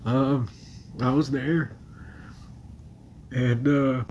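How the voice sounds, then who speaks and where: A man crying while he talks on a phone livestream from his bedroom, halting, emotional and apologetic. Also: mid-range voice, steady tone, darkish tone, a little hiss or hum. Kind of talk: casual livestream chat. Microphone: phone camera.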